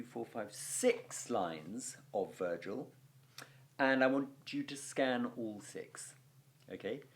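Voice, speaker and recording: A man teaching a Latin video lesson, explaining verse scansion in a chatty, enthusiastic way with fillers and little sound effects. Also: medium pitch.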